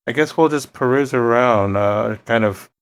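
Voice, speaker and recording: A man's voice: medium pitch, normal speed, clear, resonant tone. A man playing a tabletop game, talking hesitantly with lots of fillers.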